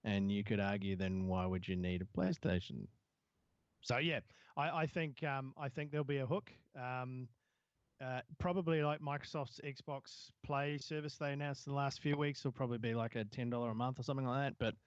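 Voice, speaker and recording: A man's voice: mid-range voice, flat delivery, normal speed, no echo, muffled recording. A man co-hosting a casual tech news podcast, rambling with many fillers and restarts. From Southern Hemisphere. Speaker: podcast co-host.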